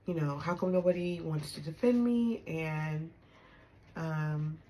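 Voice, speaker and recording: A woman in her thirties, a homeschooling mother, telling a personal story in candid, emphatic talk that drops soft when she reflects. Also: sits low, takes it slowly, rough recording. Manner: emphatic, punctuates with "okay?" and laughs. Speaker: storytime vlogger.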